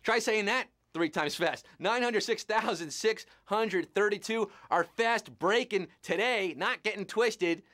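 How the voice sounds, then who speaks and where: High-voiced punning quiz host man. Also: a little slow, few pauses, sharp tone. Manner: punning, joking, playful. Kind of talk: live game-show hosting.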